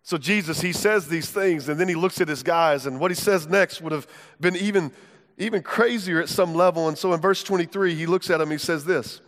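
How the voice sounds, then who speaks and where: Male pastor with a high voice, fervent conversational sermon, big reverberant church hall. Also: a little fast, a bit bright. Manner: fervent, conversational preaching with direct questions to the crowd.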